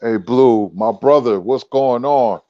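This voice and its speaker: A man's voice: mid-range voice, slow, no echo, lo-fi sound. A man joining as co-host, greeting the host and the chat in a friendly way.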